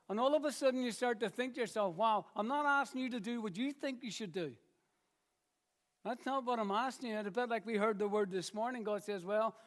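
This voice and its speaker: High-voiced man preaching a sermon. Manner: earnest, repeats phrases, slow emphatic pauses. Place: church.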